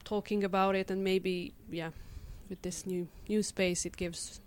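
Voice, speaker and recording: A woman's voice: mid-range voice, level tone, measured pace, a little hiss or hum. A young woman from Hungary, a community radio member, chatting casually and hesitantly with many fillers. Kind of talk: casual conversation.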